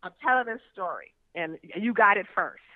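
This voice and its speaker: A woman's voice: mid-range voice, animated, normal speed, dry recording. Blunt laughing woman on a phone line. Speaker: interview guest. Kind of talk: candid storytelling over the phone. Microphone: phone call.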